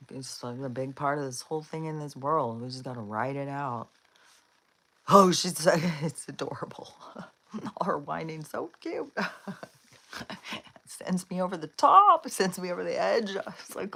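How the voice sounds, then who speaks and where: Her voice sits low and a bit bright, and she speaks unhurriedly as she hosts a chatty, rambling live stream. Laughs and fillers come often, and she coaxes her dogs now and then between thoughts.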